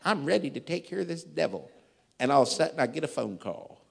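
A man preaching a sermon and telling a story, emphatic and dramatic, swinging between loud and hushed. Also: on the high side, lively intonation, fast, creaky, husky. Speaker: pastor.

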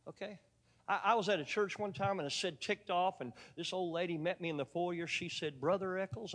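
A man delivers a sermon with a higher-than-usual voice, full of folksy asides and jokes to his congregation. His voice carries a long church reverb from the sanctuary around him. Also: fairly bright tone. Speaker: preacher. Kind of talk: sermon with storytelling.

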